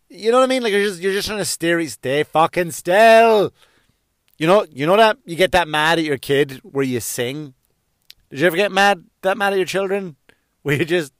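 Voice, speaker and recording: A middle-aged man hosting his podcast with a rambling, self-deprecating comedic patter. His voice sits dry and close to the microphone, with no room around it. He tends to break into loud sung outbursts between his ordinary chat. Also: on the high side, no room sound. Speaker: podcast host. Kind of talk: casual comedic monologue.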